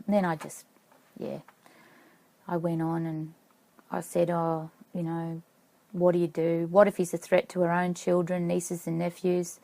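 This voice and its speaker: Casting: middle-aged woman, low gravelly voice, halting personal vlog storytelling. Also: completely flat delivery, warm tone, rough recording. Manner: halting, reflective, often checks notes. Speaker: vlogger.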